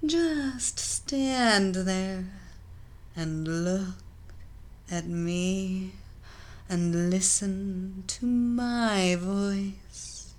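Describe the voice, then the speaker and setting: A woman voicing a soft, controlling young athlete. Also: medium pitch. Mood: hypnotic. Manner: slow, soft hypnotic cadence, drifting into whispers.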